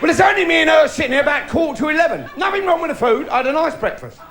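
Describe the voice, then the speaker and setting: A man's voice: very high voice, big pitch swings, racing, vocal fry. A middle-aged man doing a bawdy stand-up routine on a theatre stage, telling cheeky stories with punchlines. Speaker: stand-up comedian. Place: theatre stage before a live audience. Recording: noisy live recording with loud laughing crowd.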